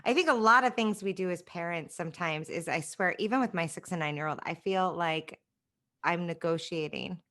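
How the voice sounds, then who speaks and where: Bright-toned emphatic woman podcast host. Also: on the low side, moderate pace. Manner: emphatic, frank, talks it through with many "right?" asides. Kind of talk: casual interview chat.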